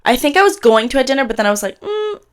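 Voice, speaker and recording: A woman in her twenties from Canada, co-hosting a podcast in casual chat, telling an animated story and acting out what people said. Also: on the high side, rapid-fire. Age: 20s. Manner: animated storytelling, acts out quotes. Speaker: podcast co-host.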